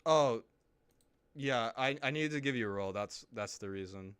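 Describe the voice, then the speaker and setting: A man's voice: mid-range voice, moderate pace, a bit bright, smooth, no room sound. A man hosting a casual voice-chat stream, teasing his guests, stammering and laughing often. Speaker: streamer host.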